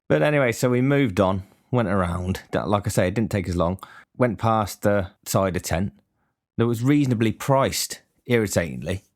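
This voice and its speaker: A young man telling a rambling, sweary story in a casual, deadpan complaining way. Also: fairly low pitch, a little fast.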